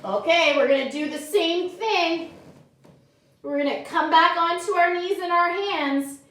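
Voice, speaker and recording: Very high-voiced, unhurried woman yoga teacher. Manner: gentle, encouraging, cueing breaths and moves. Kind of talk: guided children's yoga with storytelling. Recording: echoey room, distant mic.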